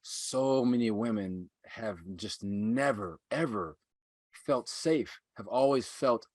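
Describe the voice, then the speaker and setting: A man speaking as a podcast guest and coach, measured and earnest, repeating phrases for emphasis. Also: medium pitch, darkish tone, dry recording, studio quality. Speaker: guest, men's self-mastery coach. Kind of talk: earnest conversational teaching.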